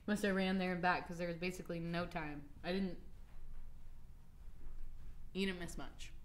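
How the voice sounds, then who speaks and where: A woman's voice: lowish voice, fairly even intonation, normal speed. A woman co-hosting a podcast in casual chat, laughing often and swearing casually, recorded in a library. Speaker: podcast co-host. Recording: echoey room with faint noise.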